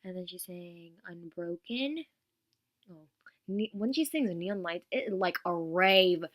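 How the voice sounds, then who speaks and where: A woman's voice: lowish voice, animated, slow, no room sound. A teenage girl vlogging about a concert in a gushing, rambling way, full of "like" fillers, sometimes dropping to a whisper. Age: teens. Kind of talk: casual vlog chat.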